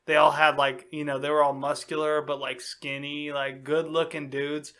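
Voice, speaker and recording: A man's voice: on the high side, little pitch movement, moderate pace, fairly bright tone. A man co-hosting a casual podcast, telling a long, rambling story packed with swearing and filler words. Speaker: podcast co-host. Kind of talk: casual chat.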